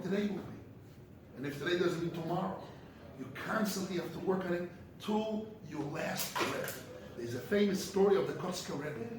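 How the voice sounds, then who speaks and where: A man who heads a yeshiva, giving an emphatic ethical sermon to his students. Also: high voice. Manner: impassioned and emphatic, sometimes rising to cries. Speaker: head of a yeshiva. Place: large echoey study hall. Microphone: distant room mic. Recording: very echoey hall, far from the mic, faint noise.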